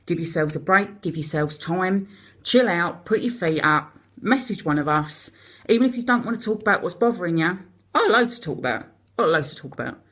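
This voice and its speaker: A woman with a Cockney accent hosting a live stream, chatting rapidly and encouragingly to her viewers. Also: fairly low pitch, animated, a bit bright, husky. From London. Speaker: host of a live support video. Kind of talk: casual live-stream chat.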